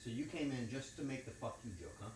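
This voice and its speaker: A man's voice: mid-range voice, fast, reverberant, background noise. A man livestreaming while he cooks, chatting casually and crudely with his viewers in a joking way. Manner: crude, joking, animated banter with chat. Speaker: streamer. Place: home kitchen.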